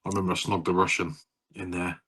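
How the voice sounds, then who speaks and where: Husky man telling stories. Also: low-pitched, little pitch movement, fast, fairly bright tone. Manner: rambling, laughing storyteller who swears. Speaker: podcast co-host. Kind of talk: casual chat.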